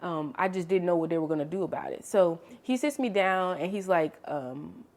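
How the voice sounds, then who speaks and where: A young adult woman vlogger telling a story in casual, chatty storytime style. She is expressive and animated, and she calls the listener honey and girl. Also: on the low side, moderate pace. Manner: animated, expressive storytelling with sharp swings in loudness.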